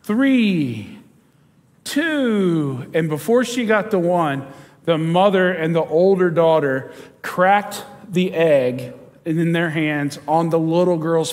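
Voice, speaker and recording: Pastor, male, higher-pitched, animated storyteller in an echoing church. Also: unhurried. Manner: storytelling, animated, chuckles while telling stories. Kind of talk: sermon. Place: church sanctuary. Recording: church hall with long reverb.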